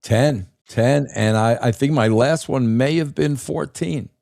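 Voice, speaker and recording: A man's voice: mid-range voice, vocal fry, darkish tone, no echo, clean studio sound. A man co-hosting a podcast, talking casually with stops and restarts. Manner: hesitant, repeats words, quick banter. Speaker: podcast co-host. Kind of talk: casual chat.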